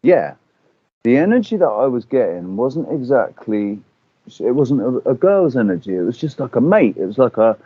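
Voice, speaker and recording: Lively man telling stories. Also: mid-range voice, breathy edge, no room sound. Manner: animated storytelling, swearing, acting out quotes. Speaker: podcast guest. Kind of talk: casual chat. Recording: dull lo-fi audio.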